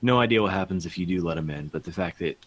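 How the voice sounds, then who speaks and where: A man's voice: sits low, fast. A man on a casual podcast, telling a story in a meandering way with many fillers. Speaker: podcast co-host.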